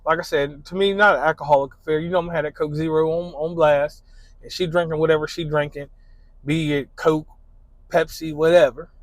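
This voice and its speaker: A man's voice: a little high, fairly even intonation, fairly quick, no echo, poor audio. A man talking casually in a laid-back, slangy way, full of "you know" fillers, as he describes his ideal date. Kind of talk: casual spoken monologue.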